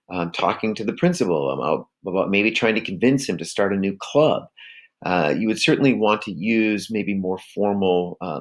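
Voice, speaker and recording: A man teaching a class in a recorded video lecture, explaining step by step with frequent fillers and restarts. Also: fairly low pitch.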